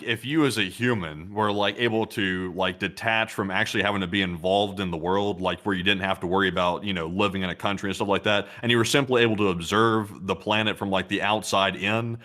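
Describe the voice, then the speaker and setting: A man with a fairly low yet bright, edgy voice, chatting on a livestream. He talks haltingly, leaning on fillers as he works his thoughts out loud. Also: steady tone. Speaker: co-host. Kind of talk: casual livestream banter.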